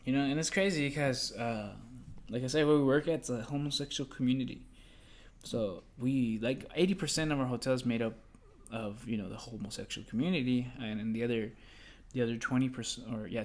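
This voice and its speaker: A young man co-hosting a podcast, telling work stories in a rambling, profane, animated way. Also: medium pitch, fairly quick. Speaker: podcast co-host. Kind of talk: casual podcast chat.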